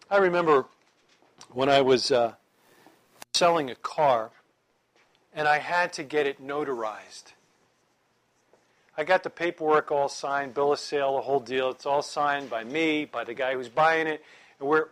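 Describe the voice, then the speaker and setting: Lively man teaching a Bible class. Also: a little high. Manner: lively, conversational, joking with the audience.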